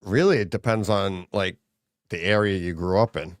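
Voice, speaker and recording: A man from New England co-hosting a live stream, chatting casually and thinking out loud with lots of restarts. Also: low voice, moderate pace, dry recording, studio quality. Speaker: co-host.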